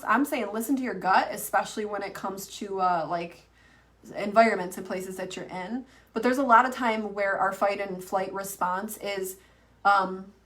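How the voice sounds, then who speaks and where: An online coach in her thirties rambles chattily through casual teaching to camera, often restarting and using fillers. Her mid-range voice has a slightly bright quality and is picked up by a distant mic.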